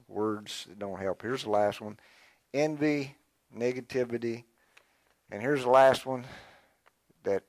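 An older man preaching a sermon in a folksy, animated way, calling on the congregation to answer back. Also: medium pitch, no echo. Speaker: pastor.

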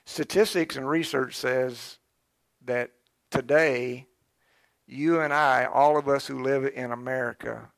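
A man's voice: mid-range voice, vocal fry, fairly bright tone, no echo. A middle-aged man preaching a sermon in a folksy, joking way. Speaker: pastor.

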